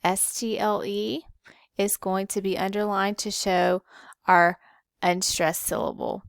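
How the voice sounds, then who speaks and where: A woman teaching a spelling lesson, who spells words out letter by letter slowly and patiently. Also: mid-range voice, little pitch movement, creaky, clean tone, dry recording, clean studio sound. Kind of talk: slow, careful spelling lesson.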